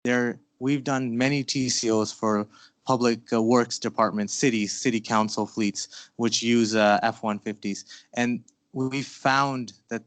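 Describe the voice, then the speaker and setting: An enthusiastic man moderating a conference panel, talking in a dry, close sound. He keeps the room engaged with questions, often pausing on fillers as he goes. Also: mid-range voice, steady tone, no echo. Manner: upbeat, questions the audience, hesitant fillers.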